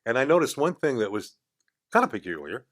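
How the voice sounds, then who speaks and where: Here the older male guest speaks at a medium pitch and a brisk clip. Sitting in a radio studio, he relates a relaxed story with liveliness, performing the voices of the people in it.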